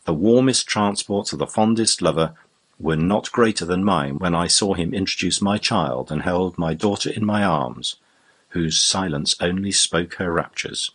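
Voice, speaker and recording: A man reading a classic novel aloud in a measured, formal storytelling manner. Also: sits low, a bit bright, husky. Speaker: audiobook narrator. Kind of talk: scripted narration of a classic novel.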